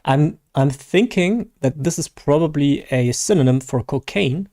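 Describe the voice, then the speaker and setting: A man's voice: a little high, expressive, a little slow, dark tone, no echo, studio quality. A man from Germany with a German accent, hosting a casual live gaming stream, hesitant and self-deprecating with many fillers and restarts.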